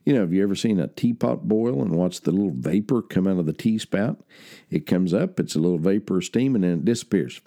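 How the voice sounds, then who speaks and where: A man's voice: sits low, expressive, a little fast, dark tone. A man with a West Virginian accent preaching a sermon in a folksy, conversational, homespun way.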